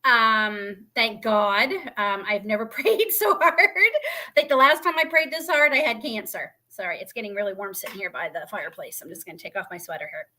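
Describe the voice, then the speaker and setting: A woman's voice: a little high, moderate pace, sharp tone. A woman, hosting a live stream from indoors by a fireplace, talking to viewers in an emotional, grateful, rambling way with many fillers. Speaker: homestead channel host. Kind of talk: casual livestream chat to viewers.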